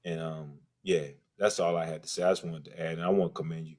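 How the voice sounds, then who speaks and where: A man's voice: extremely low pitch, steady tone, fast talker, a little mellow. A man calling in with an earnest, rambling comment full of restarts.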